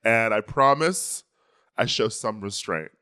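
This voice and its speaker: A man's fairly low voice carries this casual pop-culture podcast, which he co-hosts playfully and enthusiastically with frequent laughter. He's animated and takes it slowly. His tone is bright and forceful, clear and resonant.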